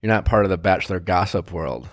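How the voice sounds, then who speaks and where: A man's voice: low-pitched, animated, fast talker, dry recording, studio quality. A man hosting a casual podcast chat, talking in a rambling way with many restarts and fillers. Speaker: podcast host.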